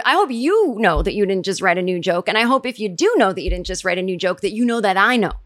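A woman hosting a podcast, chatting casually and animatedly, jumping into high voices when she quotes people. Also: lively intonation, fast, few pauses, a bit bright, dry recording, clean studio sound. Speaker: podcast host recapping a TV episode. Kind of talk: casual chat.

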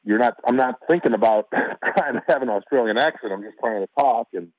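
A little fast and mid-range, this Chicago-born actor's voice comes through a tinny phone line without echo during an interview call. He tells casual, rambling stories, leaning on fillers and frequently restarting.

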